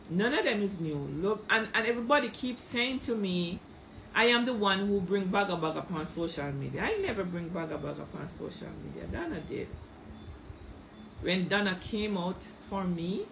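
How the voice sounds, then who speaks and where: A Jamaican woman rants to her livestream viewers, by turns heated and tearful, in a gravelly, sharp-edged voice. She talks into a phone, with a faint hiss of noise behind her. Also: on the low side, rough recording. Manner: heated, tearful, speaks Jamaican Patois, addresses chat by name. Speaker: social media livestreamer. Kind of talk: emotional livestream rant to viewers.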